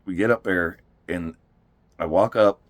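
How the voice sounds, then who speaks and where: A man's voice: low voice, a little slow, dry recording. A man, telling a story about taking his daughter to an amusement park, laughing often and acting out what people said. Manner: animated, laughing often, acts out quotes. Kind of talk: casual storytelling.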